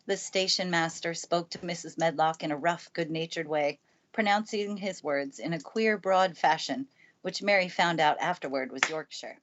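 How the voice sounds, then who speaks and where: Low-voiced woman reading a storybook aloud. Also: normal speed, highs cut off. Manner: calm, steady storytelling. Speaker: narrator. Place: family room by a fireplace. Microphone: good studio mic.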